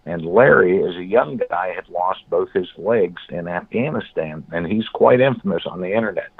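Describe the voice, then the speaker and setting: A man guest in an interview, telling blunt, animated stories and acting out what others said. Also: low-pitched, moderate pace, vocal fry, slightly rough, no room sound. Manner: blunt, animated storyteller, acts out quotes. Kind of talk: storytelling in an interview. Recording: phone-like, dry call audio.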